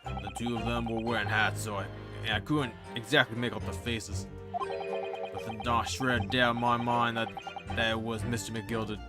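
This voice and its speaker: A man's voice: fairly low pitch, flat delivery, normal speed, over loud music, lightly acted. A man voicing a nervous banker witness who stammers and apologises.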